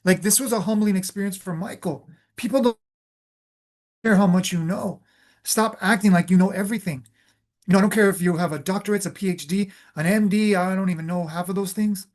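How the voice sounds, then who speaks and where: A spiritual coach with a mid-pitched voice delivers a motivational talk. The speech is emphatic and loose, hammering points home through repetition and often pausing on fillers and restarts. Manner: emphatic, repeats phrases for stress.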